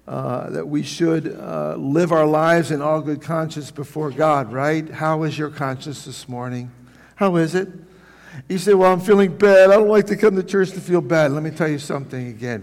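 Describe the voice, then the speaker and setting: A man preaching a sermon, telling folksy stories with lively, animated delivery. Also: a little high. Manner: folksy, animated storytelling with restarts. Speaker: pastor. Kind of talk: sermon with storytelling. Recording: long hall reverb.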